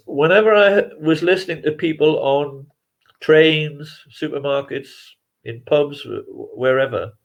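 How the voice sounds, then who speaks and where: Bloke, slightly high voice, chatty, laughs a lot, keeps restarting sentences. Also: male voice, highs cut off. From England. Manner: reflective, rambling, chuckles often, many restarts. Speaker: documentary filmmaker guest. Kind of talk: conversational interview answers.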